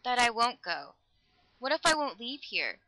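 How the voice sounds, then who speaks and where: A woman's voice: medium pitch, fairly even intonation, fairly quick, sharp tone, smooth, no echo, lightly acted, poor audio. A woman reading a desperate young man in love, speaking fiercely and pleadingly. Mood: defiant.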